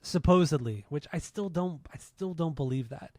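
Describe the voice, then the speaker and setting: A man hosting a casual music podcast, talking quickly and chattily with his co-host over a remote link. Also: on the high side, a little mellow, no echo, clean studio sound. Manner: fast, chatty intro patter.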